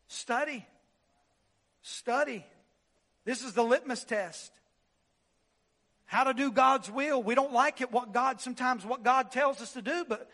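A man's voice: extremely high pitch, bright, forceful tone, in a large hall. A man preaching a sermon as pastor, emphatic, repeating lines and restarting words as he drives a point home.

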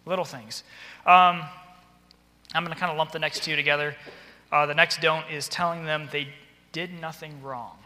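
A man giving an earnest, conversational training talk as a teacher, dropping to a softer voice when he acts out classroom exchanges. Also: on the high side, steady tone, moderate pace, pauses often. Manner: earnest, conversational, drops to soft voice for acted quotes. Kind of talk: instructional talk with acted classroom dialogue. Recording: long echoey hall reverb.

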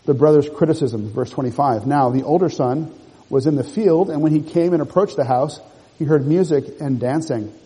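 A man's voice: on the high side, mellow, breathy edge, long reverb tail, rough recording. A man preaching a sermon, working through a passage verse by verse and explaining it to the congregation. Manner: measured expository preaching, rereads and explains verses. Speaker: pastor.

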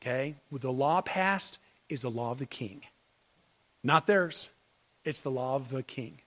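A man's voice: mid-range voice, measured pace, a bit bright. A man pastor preaching an expository sermon, emphatic and full of rhetorical questions. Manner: emphatic, rhetorical questions, repeats key phrases.

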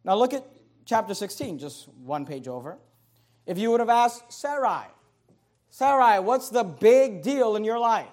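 Male preacher, high voice, emphatic scripture reading. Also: animated, a little slow, darkish tone. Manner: emphatic, reads scripture aloud with stress. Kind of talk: sermon.

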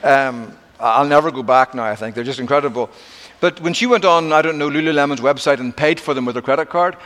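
Emphatic preacher in a reverberant hall. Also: male voice, medium pitch. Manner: emphatic preaching with dramatic slowdowns and drops to a hush. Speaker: pastor. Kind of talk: sermon.

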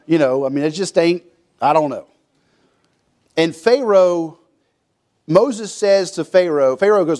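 A man preaching a sermon in a folksy, conversational way. His voice sits a little higher than most men's. He often restarts his sentences and acts out the voices in his stories. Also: measured pace, long pauses, a little mellow. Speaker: pastor.

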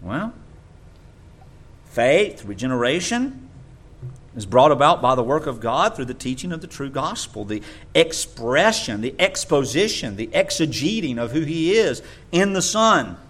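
A man preaching a sermon in an animated way, sometimes mocking others in a high voice. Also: unhurried, slightly rough.

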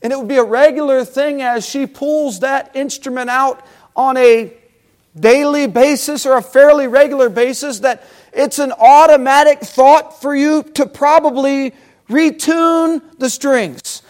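A man preaching a sermon, animated and talking directly with his congregation. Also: very high voice, measured pace. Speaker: pastor.

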